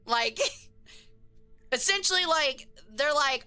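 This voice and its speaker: A woman's voice: sits high, normal speed, sharp tone. A woman streamer chatting casually on a live stream, slangy and joking as she reacts to chat, with faint music behind her.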